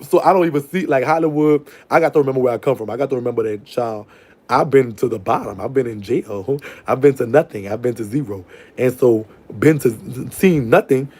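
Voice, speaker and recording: Fast-talking sassy New man. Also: mid-range voice, a little mellow. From New Orleans, USA. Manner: sassy and playful, laughs often, calls people girl and baby. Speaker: call-in show host. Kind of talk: casual live call-in chat.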